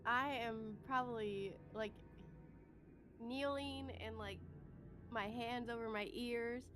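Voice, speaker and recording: A woman playing a tabletop game, speaking casually and haltingly, often laughing. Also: on the high side, fairly even intonation, over music. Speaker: player.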